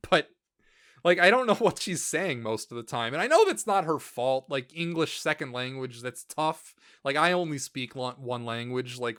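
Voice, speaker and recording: A man with a bright, slightly high voice delivers a loose, swearing rant. He is blunt and opinionated, and he laughs easily as he talks. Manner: profane, blunt, laughs often. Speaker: YouTuber ranking channels.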